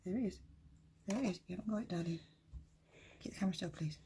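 A woman with a fairly low voice talks softly to her pets at home, coaxing and cooing. She often sinks into a hushed near-whisper, and a camera mic held by a helper picks her up. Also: quick pace, a little hiss or hum. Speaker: pet keeper vlogger. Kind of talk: casual narration to camera.

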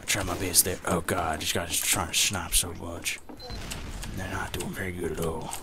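A man putting on a forced, strained deep voice to narrate his gameplay, muttering and swearing as he plays and speaking to the viewers as "folks". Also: moderate pace. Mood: grumbling. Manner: mutters and swears while playing, addresses "folks". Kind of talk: gameplay commentary in a put-on voice. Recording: steady background noise with keyboard typing.

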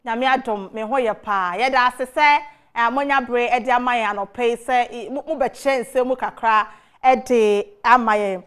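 A Ghanaian woman hosts a TV talk show, switching between Twi and English and filling her questions with hesitant fillers. Her voice sits on the high side and moves at a normal speed, with a slightly bright, clear, resonant tone.

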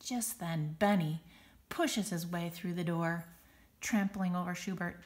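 A woman reading a children's picture book aloud, expressive and dramatic on the sound words. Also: lowish voice, a little slow. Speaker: storybook reader.

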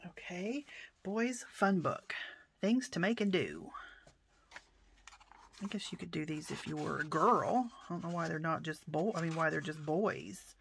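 A woman chatting through an unboxing of her mail haul, softly spoken, often exclaiming in delight and sometimes slipping into a whisper. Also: deep voice, a little slow, gravelly, a little hiss or hum. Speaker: vlogger showing a mail haul. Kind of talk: casual unboxing chat.

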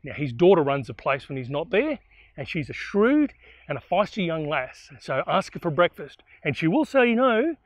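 A man's voice: on the high side, big pitch swings, normal speed, no room sound, highs cut off. A man voicing a bold, generous bushranger man who talks in an easygoing, confiding way.

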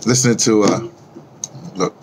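Low-voiced man rambling casually. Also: fairly even intonation, measured pace, darkish tone, a little hiss or hum. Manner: rambling, chatty, sings along to a record. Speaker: vlogger.

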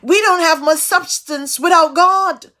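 A woman preaching a devotional sermon, tossing out call-and-response asides with sudden swings of pitch and loudness. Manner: slow, drawn-out delivery.

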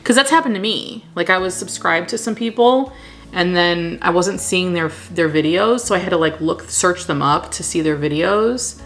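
A woman's voice: lowish voice, moderate pace, a bit bright, faint music behind. A woman chatting candidly in a casual question-and-answer vlog, laughing often. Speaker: plant vlogger and wedding photographer.

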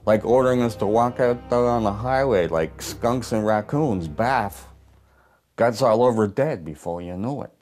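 A man's voice: on the low side, lively intonation, measured pace, darkish tone. A man playing a bitter, haunted old working-class war veteran who talks coarse, profane and ungrammatical in a theatrical stage monologue. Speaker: stage performer in a one-man play.

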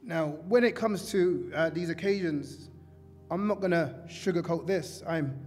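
A man giving a heartfelt, informal funeral tribute to his aunt in a church, with halting restarts. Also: on the high side, a little mellow. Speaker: family member giving a tribute. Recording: long church reverb, faint music.

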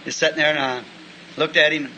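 A man preaching a sermon, telling folksy stories and breaking into shouts of praise. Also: on the high side, fast talker, a little hiss or hum, low-quality recording. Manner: folksy, animated, bursts into shouting. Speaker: pastor. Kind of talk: sermon with storytelling.

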